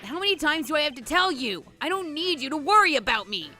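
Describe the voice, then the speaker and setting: A woman's voice: fairly low pitch, lively intonation, moderate pace, soft background music. A woman voicing a strict mother who is a judge, lecturing her son sternly. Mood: scolding.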